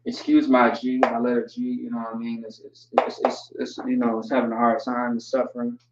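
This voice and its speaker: A man teaching a language class online, relaxed and joking, spelling words out slowly. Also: mid-range voice, heavy background noise. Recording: distant, roomy, dull mic sound.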